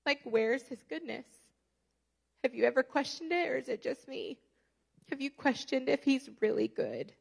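A woman, preaching a sermon as a guest speaker and telling stories with lively rhetorical questions to the congregation. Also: sits high, normal speed, creaky, husky.

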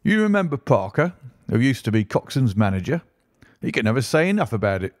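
A man voicing a brisk, flattering middle-aged financial agent who talks in a clipped, persuasive way, in an audiobook. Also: medium pitch, no room sound, clean studio sound, lightly acted. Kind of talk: audiobook character reading.

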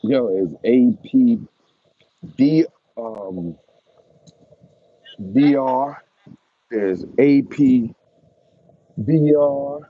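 A man's voice: medium pitch, extremely slow, long pauses, slightly rough, no echo. A man who breeds dogs, ranting at his viewers in a taunting, repetitive, mocking way with chuckles. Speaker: dog breeder. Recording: dull lo-fi recording.

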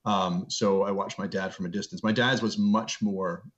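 A low-pitched middle-aged man talks over a video call, his voice dull and lo-fi. He speaks earnestly as an interview guest and tells personal stories. He slows down to stress a point. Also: fairly even intonation. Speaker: guest, seminary professor. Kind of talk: reflective interview storytelling.

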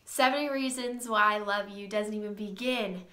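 A young woman giving a heartfelt birthday tribute to her father, reading from a list with soft laughs and a slightly tearful voice, in a sunroom at home. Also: mid-range voice, normal speed. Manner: tender, reading from notes with frequent soft laughs. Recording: roomy echo in a sunroom.

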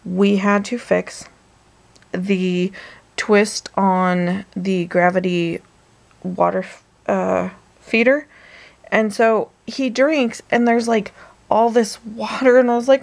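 The woman's voice is medium-pitched, steady, gravelly and a little mellow, and she takes it slowly. Casually vlogging from bed at night, she wanders through a story and occasionally whispers.

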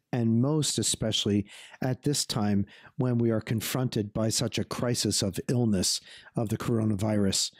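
A man's voice: medium pitch, a little mellow, dry recording, studio quality. A man who is a bishop, giving an earnest pastoral reflection on a gospel reading and calling his listeners "folks".

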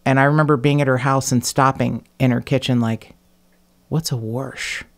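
Chatty woman host with gravelly fry. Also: a bass voice, little pitch movement, fairly quick. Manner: chatty, self-mocking, swearing. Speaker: podcast host. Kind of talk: casual chat.

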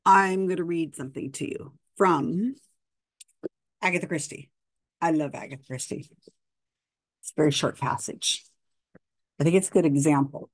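Low-voiced woman reading aloud, chatty. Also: normal speed, pauses often, no echo, clean studio sound. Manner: chatty, reads passages with quoted dialogue, frequent restarts. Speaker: host. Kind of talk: casual explainer reading aloud from a book.

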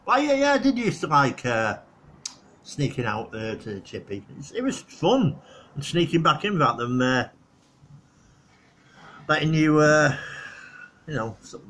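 A man's voice: a little high, very animated, measured pace, long pauses, fairly bright tone. A middle-aged man, rambling casually through old memories on his vlog and laughing at his own stories. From northwest England. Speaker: vlogger.

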